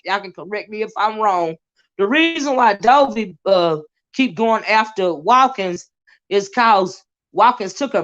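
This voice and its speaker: A woman hosting a casual livestream, chatting about online drama with lots of asides to her viewers. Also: a little high. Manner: chatty, animated, drawling asides. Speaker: YouTube commentary host. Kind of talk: casual livestream gossip commentary. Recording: dull lo-fi livestream audio.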